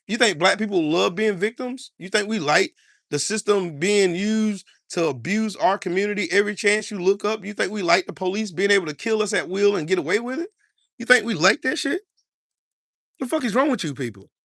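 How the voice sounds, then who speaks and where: A man's voice: high voice, a little fast, gravelly, fairly bright tone, no echo, studio quality. An American man delivering heated political commentary in an angry, profane, repetitive rant.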